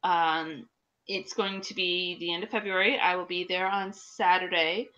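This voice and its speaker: A woman's voice: on the low side, steady tone, measured pace, pushed and bright, highs cut off. A woman co-hosting a podcast, chatting casually and telling a funny story while fighting a cold, in her thirties. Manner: chatty storyteller, laughing asides. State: coming down with a cold. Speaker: podcast co-host. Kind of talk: casual chat.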